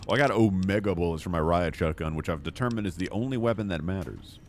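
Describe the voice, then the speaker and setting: A man's voice: deep voice, a little fast, long pauses, a little hiss or hum. A man streaming a video game, joking and rambling through casual commentary and laughing at himself.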